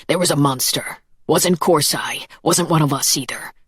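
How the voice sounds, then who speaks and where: A woman's voice: low-pitched, fairly bright tone, breathy edge, no echo, clean studio sound, heavily acted. A woman voicing a nervous monster underling. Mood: anxious. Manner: anxious, hurried, indignant. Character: nervous, eager-to-please male monster underling.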